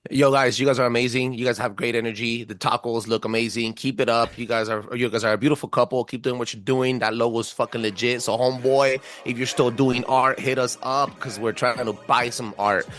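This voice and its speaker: A man in his thirties hosting a casual podcast, loud, excitable and swearing freely. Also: medium pitch, a little fast, few pauses. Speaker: podcast host.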